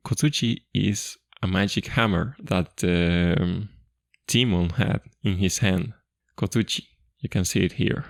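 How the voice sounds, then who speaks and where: A man teaching a language, explaining a folktale reading line by line in a relaxed, chatty way and often repeating himself. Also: low voice, takes it slowly, gravelly, dry recording, studio quality.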